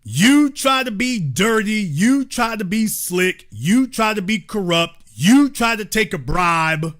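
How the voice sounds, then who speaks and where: A man hosts a live call-in program, his voice sitting high and swinging widely as he drives each point home. He talks in an emphatic, mocking way, repeating phrases like a preacher building to a point, with a bright, sharp tone throughout. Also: sing-song, slow. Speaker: host. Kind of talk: live call-in show commentary.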